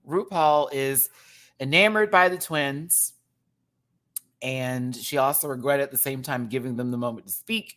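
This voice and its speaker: A man's voice: mid-range voice, a bit bright. A man hosting a casual rant review, talking in a rambling, giggly way with lots of fillers. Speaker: show reviewer and host.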